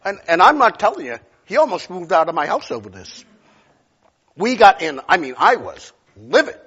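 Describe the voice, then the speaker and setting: A male pastor preaching a sermon, telling stories and swinging from loud outbursts to near whispers. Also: high voice, sing-song, normal speed, husky.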